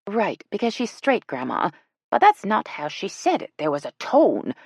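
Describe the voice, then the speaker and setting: A woman's voice: mid-range voice, huge pitch swings, normal speed, a little mellow, husky, no echo, clean studio sound, pitched above the performer's own voice, full character voice. A woman voicing a blunt, teasing older woman with a brash, bossy manner, in an audiobook.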